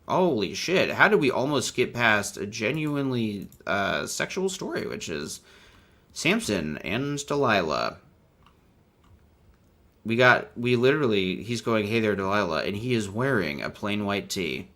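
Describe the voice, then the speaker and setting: A young man hosting a comedic commentary video, riffing wryly on book illustrations and swinging from mutters to excited outbursts. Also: lowish voice, unhurried. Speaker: video host.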